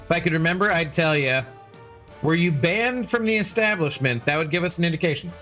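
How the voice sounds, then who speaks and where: A man's voice: a little high, expressive, a little fast, bright, forceful tone, faint music behind. A man chatting casually on a livestream, reading chat aloud and rambling playfully with many self-corrections.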